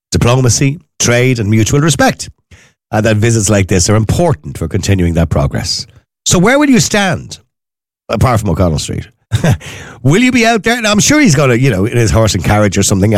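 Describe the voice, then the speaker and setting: A man with an Irish accent hosting a late-night radio talk show, chatting in a lively, rambling way with asides. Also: on the low side, dry recording, studio quality.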